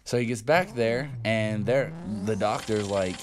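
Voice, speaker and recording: A man's voice: lowish voice, a little slow, noisy background. A man in his fifties telling a story for his vlog in a casual, rambling way, with frequent swearing and fillers. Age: 50s. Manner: rambling, profane, lots of fillers. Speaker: vlogger.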